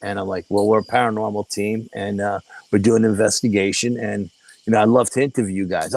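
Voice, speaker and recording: A man's voice: on the low side, fairly quick, gravelly, no echo, poor audio. An older man, a guest in an interview, telling a story casually with profanity and acting out the dialogue. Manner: animated, profane, acts out quoted dialogue. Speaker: guest paranormal investigator.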